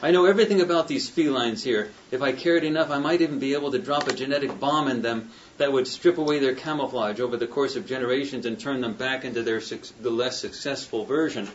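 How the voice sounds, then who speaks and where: A man's voice: medium pitch, quick pace, hardly any pauses, a little hiss or hum, close to an everyday voice. A man reading a smug old scientist. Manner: read aloud from a novel. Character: old male genetic scientist, smug and godlike. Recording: dull distant classroom recording.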